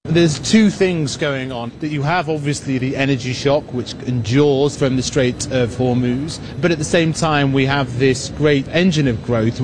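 Male economics editor, outdoor city noise, explanatory conversational tone. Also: medium pitch. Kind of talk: news report.

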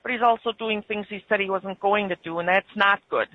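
A woman's voice: medium pitch, fairly quick, a little hiss or hum. Chatty Upper Midwest woman calling in. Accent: Upper Midwest American. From born in Germany, raised in Wisconsin. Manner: chatty, rambling, laughs easily. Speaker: caller. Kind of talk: casual call-in chat. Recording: muffled phone-in line.

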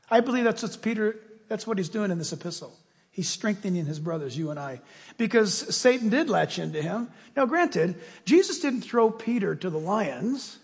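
Animated, husky-voiced male pastor. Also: high-pitched, moderate pace. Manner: animated storytelling, acting out scenes. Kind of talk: sermon. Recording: long reverb of a large hall.

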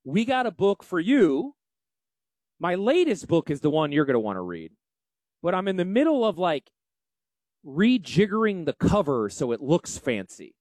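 A man with a Yankee accent hosting a financial show, brash and salesy in a folksy promotional pitch. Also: big pitch swings, moderate pace, a little mellow, no room sound. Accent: Northeastern US. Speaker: financial advisor and show host. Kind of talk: promotional radio talk.

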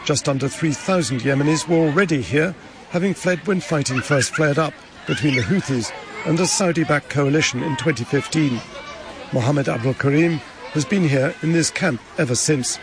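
A man delivering a measured, grave field report from a refugee camp outdoors. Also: fairly high pitch. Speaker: correspondent. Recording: crowd and street noise around.

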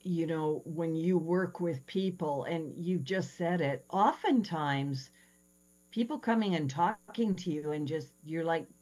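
This woman hosts the show in a notably low voice. She comes across as enthusiastic, and her questions stretch on with restarts and asides. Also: unhurried, a little mellow, low-quality recording. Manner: enthusiastic, long rambling questions. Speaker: podcast host. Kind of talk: interviewing a guest. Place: Seattle.

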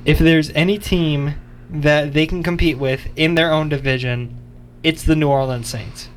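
A man's voice: fairly high pitch, steady tone, a little slow, a little hiss or hum. A young man co-hosting a college radio sports show, chatting casually and easygoingly with his co-host.

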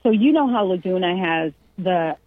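Chatty low-voiced woman on a phone-like line. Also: moderate pace, no room sound. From California. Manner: lively storyteller who acts out quoted voices and laughs. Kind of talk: casual storytelling chat. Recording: dry, narrow phone-like radio sound.

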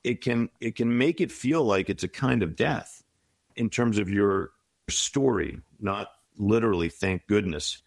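A middle-aged man speaks in a low, even voice, offering reflective and encouraging advice. He talks as an interview guest and often slips into short anecdotes. The recording is close and dry, with no room sound. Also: unhurried, vocal fry, no room sound. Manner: reflective, encouraging, tells stories.

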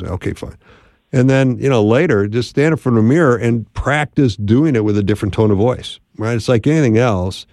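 A man's voice: medium pitch, a little fast, a little mellow, dry recording, studio quality. A man hosting a call-in radio advice show, talking in an encouraging, conversational way.

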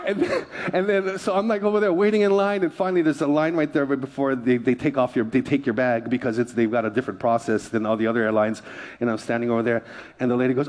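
A man's voice: mid-range voice, fairly quick, slight background noise. A male pastor preaching a sermon, telling self-deprecating personal stories with lots of laughter. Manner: animated storyteller, self-deprecating, laughing often.

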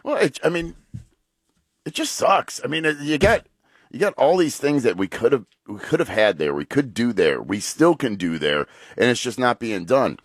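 A man's voice: medium pitch, big pitch swings, moderate pace, dry recording, studio quality. A man co-hosting a casual talk show, blunt and emphatic in his remarks. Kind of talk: casual chat.

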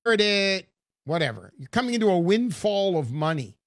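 A woman's voice: medium pitch, sing-song, normal speed, soft background music. A woman hosting a talk segment, making her case in a casual, emphatic way with rambling asides.

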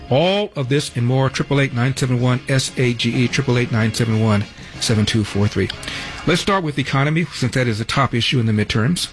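A man's voice: medium pitch, fairly quick, faint music behind. A man hosting a talk radio show, delivering news items with wry, sarcastic asides from a studio.

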